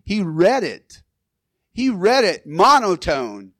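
A man preaching a sermon in a church, his voice sitting a bit high for a man. He talks loosely and conversationally, restarting phrases and chuckling now and then. The sound is dry, with no room echo. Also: sing-song, slow, a bit bright. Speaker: pastor.

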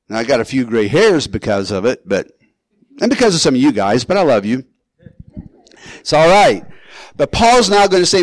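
A man's voice: on the high side, no room sound, poor audio. An older male pastor giving an earnest, conversational sermon in his church, speaking straight to his congregation with casual asides.

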